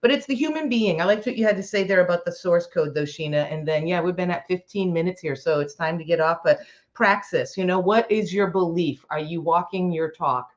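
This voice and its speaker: A woman's voice: fairly low pitch, fairly quick. Exuberant motivational woman, lo-fi sound. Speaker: co-host. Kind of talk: casual chat on a live stream.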